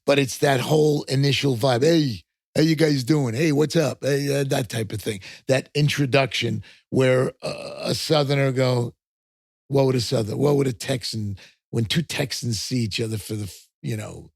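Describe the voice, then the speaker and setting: An older man from Long Island with a New York accent, chatting on a podcast in a rambling, halting way. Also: mid-range voice, fairly even intonation, creaky, no room sound, clean studio sound. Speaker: podcast guest, host's father. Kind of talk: casual podcast chat.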